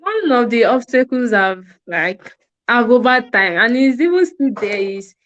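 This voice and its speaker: A woman's voice: fairly high pitch, big pitch swings, measured pace, a bit bright, lo-fi sound. A woman with a Nigerian accent answering interview questions hesitantly, with many fillers, over a video call. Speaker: guest, fashion designer.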